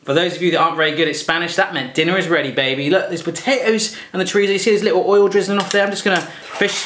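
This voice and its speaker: A man's voice: high-pitched, fairly even intonation, rapid-fire, a bit bright, slight background noise. An English man hosting a playful home cooking demonstration, chatty and jokey, talking to the food as he cooks. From England. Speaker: cooking show host. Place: home kitchen.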